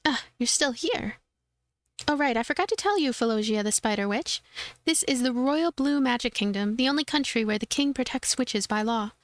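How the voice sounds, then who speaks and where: A woman voicing a stern, commanding royal guard captain in a game, speaking slowly and formally. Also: a little high, a bit bright, no room sound, lightly acted.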